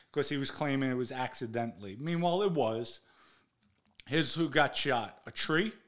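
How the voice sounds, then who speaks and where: A middle-aged man, bluntly telling a story from his past as an interview guest, swearing freely and acting out the people he quotes. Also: mid-range voice. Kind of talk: candid storytelling.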